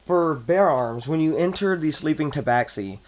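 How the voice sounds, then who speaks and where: A man narrating as game master of a tabletop game, in a relaxed, rambling way. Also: on the high side, normal speed.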